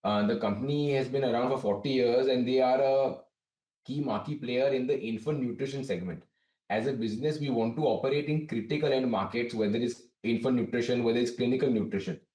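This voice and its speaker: A man, a company director, answering business interview questions in a measured, explanatory way, often restarting his sentences. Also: medium pitch, dark tone. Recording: distant, roomy remote link.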